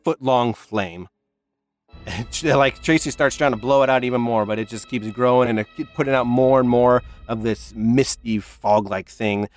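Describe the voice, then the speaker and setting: A man's voice: medium pitch, no room sound, soft background music. A man narrating a tabletop game as dungeon master, often restarting and filling with "like". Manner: halting narration with restarts and fillers.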